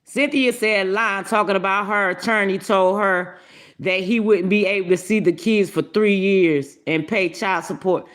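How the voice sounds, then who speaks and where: A woman's voice: mid-range voice, fairly even intonation, unhurried. A woman hosting a casual livestream, greeting viewers by name and giving brash, profane commentary with lots of laughter.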